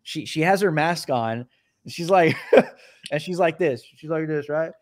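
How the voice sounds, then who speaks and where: A man's voice: fairly high pitch, unhurried. A man hosting a casual talk show, animatedly telling a story, acting out the people he quotes and laughing often. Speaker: podcast host.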